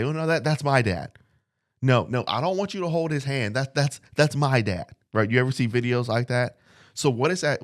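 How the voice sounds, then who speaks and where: A man preaching a casual podcast sermon into a mic, earnest and reflective, repeating phrases and reading scripture slowly. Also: mid-range voice. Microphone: studio mic.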